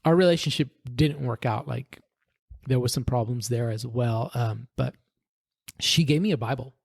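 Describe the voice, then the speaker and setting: A man's voice: medium pitch, normal speed, creaky, darkish tone, husky, no room sound, clean studio sound. A man, a podcast guest, earnestly tells his personal faith story in conversation, often restarting sentences and adding "right?".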